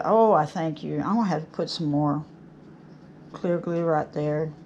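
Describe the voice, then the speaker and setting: A woman's voice: mid-range voice, slight background noise. A middle-aged woman, chatting casually and effusively to her craft channel viewers from a home workshop. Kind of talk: casual chat to camera.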